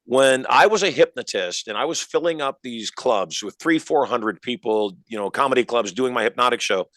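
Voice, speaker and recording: An older man, a hypnotist guest in an interview, telling stories with energetic emphasis. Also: medium pitch, normal speed, no room sound. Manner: energetic, emphatic, acts out quoted voices. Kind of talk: animated storytelling interview.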